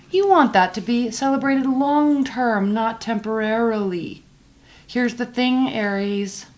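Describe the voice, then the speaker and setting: A woman giving a casual weekly tarot reading, chatty and emphatic, slowing down to stress her advice. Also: a little high, animated, darkish tone. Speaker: tarot reader.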